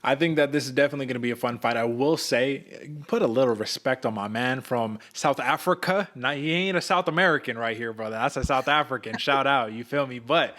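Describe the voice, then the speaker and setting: A man's voice: medium pitch, brisk, few pauses, a bit bright. A young man co-hosting a casual sports betting podcast, hyped and slangy, calling the listener brother and folks. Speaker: podcast co-host.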